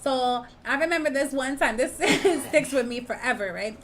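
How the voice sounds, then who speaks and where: A woman's voice: high voice, moderate pace, slight background noise. A young woman co-hosting a podcast, telling a story in casual chat and acting out what people said. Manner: animated storytelling, acts out quotes loudly. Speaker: podcast co-host.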